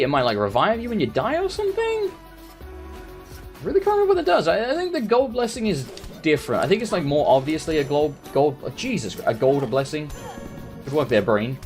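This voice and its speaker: A man giving casual gameplay commentary as a let's play host, rambling and ranting with sarcasm and plenty of swearing. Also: a little high.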